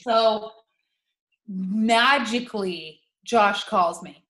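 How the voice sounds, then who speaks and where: A woman's voice: mid-range voice, drawn-out words, sharp tone. A young adult woman co-hosting a podcast, telling a story in casual chat and laughing often. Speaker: podcast co-host. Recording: echoey room.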